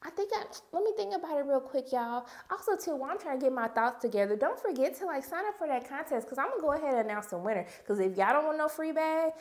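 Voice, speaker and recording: A woman's voice: high voice, fast talker, hardly any pauses. A young woman, casually recapping a TV episode and acting out the characters' lines. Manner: animated storyteller, acts out characters' lines. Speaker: TV review vlogger.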